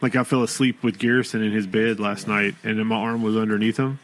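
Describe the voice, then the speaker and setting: Man, podcast co-host, lowish voice, rambling casual chat, faint background noise. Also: quick pace, poor audio. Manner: rambling, relaxed, full of fillers.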